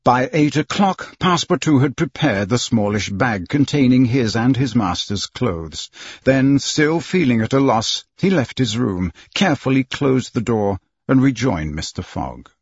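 A man narrating an audiobook with an expressive, storytelling delivery. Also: medium pitch, unhurried, breathy edge, dry recording, muffled recording. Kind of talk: scripted narration.

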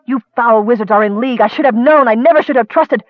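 A man's voice: very high voice, fast, dry recording, narrow, tinny audio, pitched above the performer's own voice. A man doing a fierce young woman warrior. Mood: furious. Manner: urgent, pleading, raised.

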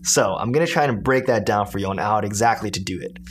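A man's voice: fairly low pitch, fast talker. A man casually teaching a beatboxing technique step by step. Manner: explains step by step with demo sounds. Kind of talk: casual tutorial.

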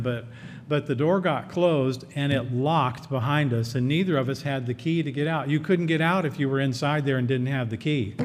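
A man preaching a sermon as pastor, earnest and emphatic, repeating his key phrases. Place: church. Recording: echoey hall, faint rumble.

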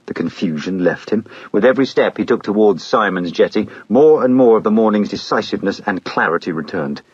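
A man narrating an audiobook in a measured, steady storytelling manner. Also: on the low side, husky, dry recording, lo-fi sound.

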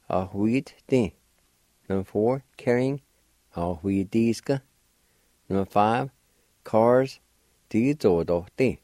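A man hosting a radio language lesson, slowly spelling out words letter by letter and repeating them patiently. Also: lowish voice, mellow, no echo. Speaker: language teacher and radio host. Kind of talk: slow word-by-word language lesson. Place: radio studio.

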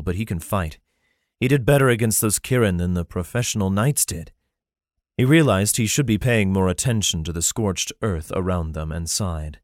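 Low-voiced male audiobook narrator. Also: no echo, clean studio sound. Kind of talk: scripted fantasy narration.

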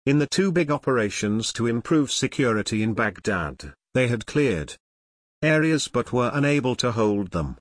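A man reading nonfiction narration in a measured, serious way. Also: medium pitch, big pitch swings, no room sound, clean studio sound. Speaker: audiobook narrator.

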